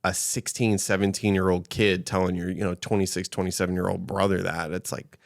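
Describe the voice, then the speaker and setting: Deep, gravelly, laid-back man. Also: little pitch movement, brisk, no echo, clean studio sound. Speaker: podcast guest. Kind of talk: casual chat.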